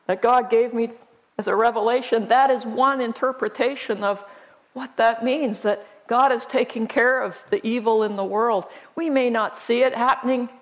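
Sex: woman. Role: pastor. Style: slow, conversational sermon with scripture reading and rhetorical questions. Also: fairly high pitch.

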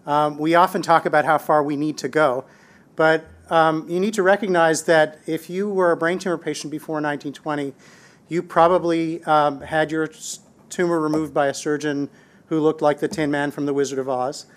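A man, a brain tumor researcher, talking in an interview with frequent pauses. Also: a little high, flat delivery. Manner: conversational, many "um" pauses. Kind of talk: interview answer.

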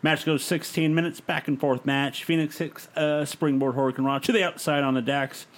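Guy on a podcast running through a made-up wrestling card, brisk play-by-play, a bit high voiced. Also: steady tone. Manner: brisk play-by-play recap with light laughs. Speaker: podcast host. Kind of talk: casual podcast chat, reading out a fantasy wrestling show.

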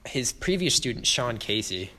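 Bright-voiced man recapping a film. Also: mid-range voice, normal speed, a little hiss or hum. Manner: animated retelling with frequent "like" and acted quotes. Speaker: podcast co-host. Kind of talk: casual film discussion.

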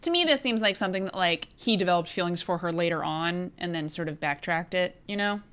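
A woman's voice: on the low side, animated, brisk, fairly bright tone, smooth. A woman co-hosting a casual movie recap, critical and blunt, swearing casually. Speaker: podcast co-host.

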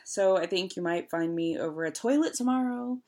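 Low-voiced wry woman in her late thirties. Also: expressive, brisk, warm tone. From Houston, United States. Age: late 30s. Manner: wry, self-mocking, lots of ums and likes. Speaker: podcast host. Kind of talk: casual chat.

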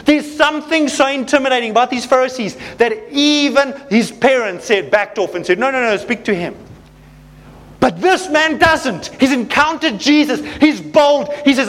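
A man preaching a sermon, reading scripture aloud and commenting with animated emphasis. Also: very high voice, moderate pace.

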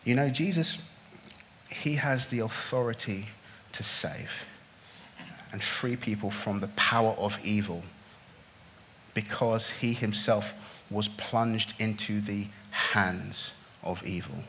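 A man preaching a sermon, swinging from hushed, slow lines to loud, pleading outbursts. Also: on the low side, slight background noise. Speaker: pastor.

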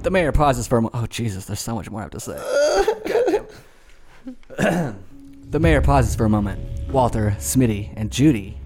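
A man's voice: mid-range voice, expressive, normal speed, long pauses, a little mellow. A man narrating a tabletop game as game master, joking about his own stumbles. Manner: self-deprecating, laughing at own stumbles. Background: music.

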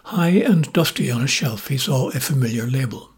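An Irish man narrates a storytelling podcast in a measured, gently wry way. His voice is very husky and raspy, with a pitch in the middle range for a man.

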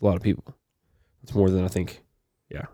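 A young man co-hosts a casual podcast, reading news items aloud and stopping for loose asides. His voice sits a little low and mellow in tone. The sound is close and dry. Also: a little fast, no echo. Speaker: podcast co-host.

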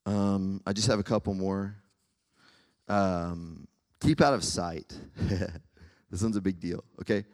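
A man's voice: deep voice, slow, long pauses, darkish tone. A young man giving a casual, conversational sermon to students, full of fillers and asides. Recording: hall reverb.

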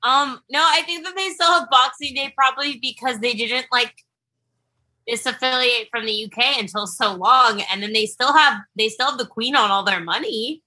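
A young woman co-hosting a casual podcast, telling stories with lively energy. Her voice sits a little high and rings bright and forceful. She talks like she's chatting with close friends. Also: moderate pace. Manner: chatty, animated storytelling. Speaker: podcast co-host. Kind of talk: casual chat.

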